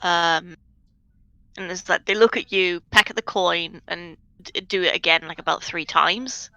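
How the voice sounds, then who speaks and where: Slow, hesitant woman game master. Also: lowish voice, fairly even intonation, sharp tone, no echo, poor audio. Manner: hesitant, full of fillers. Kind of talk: narrating a tabletop game.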